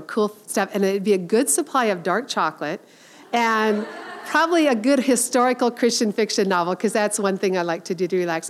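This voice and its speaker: A middle-aged woman giving an informal Christian talk to women, earnest and chatty, with many fillers and restarts. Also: mid-range voice.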